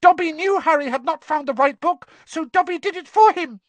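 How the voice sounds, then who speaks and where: A reader voicing an earnest male house elf in a squeaky, very high voice, eager, talking about himself in the third person and calling his listener sir. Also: a little fast, no echo. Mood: urgent. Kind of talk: audiobook character voice.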